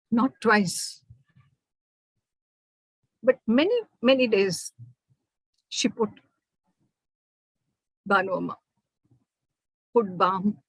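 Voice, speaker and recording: A woman with an Indian English accent voicing a tired, gentle working mother in a storytelling performance. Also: medium pitch, dry recording, rough recording.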